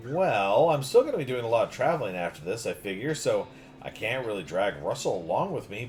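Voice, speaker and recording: A man streaming a game, reading dialogue aloud with playful, animated commentary. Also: fairly low pitch, fairly quick, soft background music.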